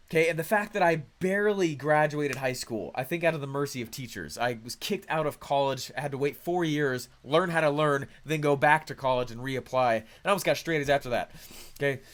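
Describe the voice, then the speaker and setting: A man with a notably high voice tells a story to an audience. He sounds excitable and keeps checking in with his listeners, tossing in "okay?" and "right?" as he goes. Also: a little fast. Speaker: speaker sharing his career story. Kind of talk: animated storytelling talk to an audience.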